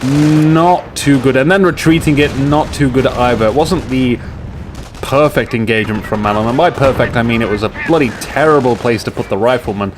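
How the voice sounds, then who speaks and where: A man's voice: medium pitch, moderate pace, background noise. A British man casting a replay of a strategy game, rambling and joking with sarcastic asides. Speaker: game caster. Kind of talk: casual game commentary over a replay. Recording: game gunfire and explosions in the mix.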